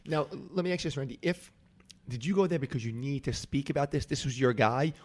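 Fast-talking male podcast host. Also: medium pitch, a little mellow. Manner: asks rapid follow-up questions. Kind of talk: interview questions.

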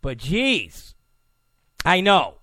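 Male talk show host, mocking, joking, mock-apologetic, lively, dry. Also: sits high, very slow, dry recording. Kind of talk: political talk show monologue.

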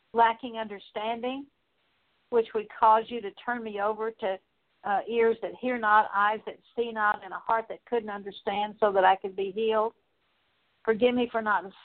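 A woman leading a spoken prayer of repentance, earnest and steady, working through a long list with frequent small fillers. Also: a little high. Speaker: prayer minister. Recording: tinny phone-like line.

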